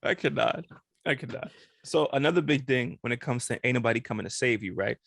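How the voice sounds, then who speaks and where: A man co-hosting a podcast in a relaxed, slangy way, cheering on his partner. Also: mid-range voice, fairly quick, creaky, no echo, clean studio sound. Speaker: podcast co-host. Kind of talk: casual chat.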